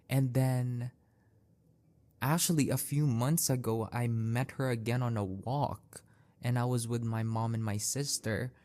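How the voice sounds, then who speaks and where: A young man with a warm, medium-pitched voice hosts a podcast and shares personal stories in a loose, unhurried monologue. Fillers abound, with plenty of "like"s and restarts.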